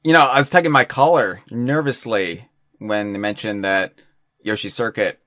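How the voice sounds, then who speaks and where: A podcast host rambles through casual chat, putting himself down and often tripping over his words. His voice sits on the low side with fairly even intonation and a moderate pace, bright and forceful, recorded with studio quality and no room sound.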